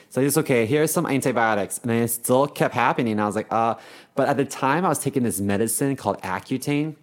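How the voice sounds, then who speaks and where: A man's voice: mid-range voice, lively intonation, fast talker. A young man co-hosting a podcast, telling candid, rambling stories in casual chat with lots of fillers. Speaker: podcast co-host.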